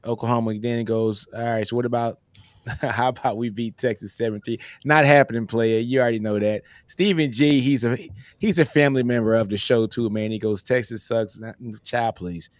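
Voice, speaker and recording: A man's voice: medium pitch, fairly even intonation, normal speed, no echo. A man hosting a sports podcast in a casual, laid-back way, tossing "man" into almost every sentence. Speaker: podcast host.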